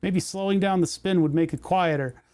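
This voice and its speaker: A man chats casually on a livestream, thinking aloud in a rambling, self-deprecating way. His voice sits a bit high for a man, and the sound is close and dry. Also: moderate pace, darkish tone, dry recording. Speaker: livestream host. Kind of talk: casual livestream chat while repairing.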